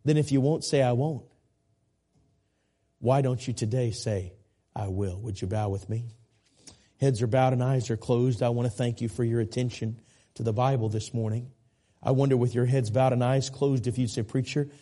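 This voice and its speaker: A man preaching a sermon in church, telling a story slowly and with emphasis before a fervent altar call. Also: mid-range voice, mellow. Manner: slow, emphatic storytelling, rising to fervent appeals. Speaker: pastor. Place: church sanctuary.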